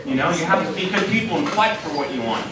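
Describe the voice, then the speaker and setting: Man, motivational speaker at a school assembly, high-pitched and energetic, recorded from a distance in a noisy, very echoey hall. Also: fast. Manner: energetic storytelling, asks the audience questions. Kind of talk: motivational talk to students.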